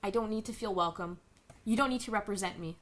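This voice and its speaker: A woman's voice: mid-range voice, fast. A young woman streaming, ranting in a profane, exasperated way and answering chat messages. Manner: reads chat messages aloud and answers them. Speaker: streamer reacting to news. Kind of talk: live-stream commentary.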